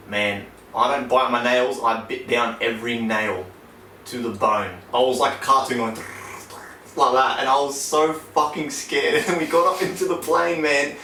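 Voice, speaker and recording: Young man, podcast host, animated and sweary, a bit off-mic in a roomy space. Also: medium pitch. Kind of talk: casual chat. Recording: echoey room, mic at a distance, faint noise.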